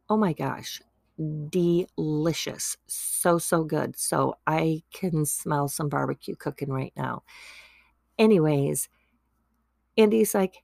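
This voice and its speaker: Slow, gravelly-voiced woman podcaster. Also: on the low side, a little mellow, dry recording, studio quality. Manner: chatty, peppered with "like". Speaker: podcast host. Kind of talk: casual Bible story retelling.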